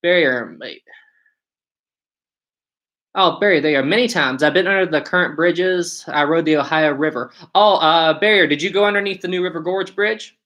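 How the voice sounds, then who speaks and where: A man with a slightly high, bright, forceful voice hosts a live stream at a normal pace, reading out viewer questions and answering them casually. He thinks aloud as he goes, with restarts and short laughs.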